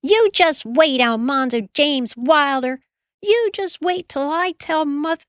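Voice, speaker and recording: Woman putting on a shrill bossy teen girl, high and scolding, hurried nagging. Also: big pitch swings, no room sound, studio quality. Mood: furious. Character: bossy nagging older sister, teenage girl.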